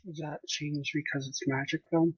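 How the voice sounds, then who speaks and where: A man's voice: on the high side, little pitch movement, moderate pace, a bit bright, slightly rough, no echo, muffled recording. A man playing in an online tabletop game, hesitantly questioning the rules. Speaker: player. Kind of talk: casual game chat.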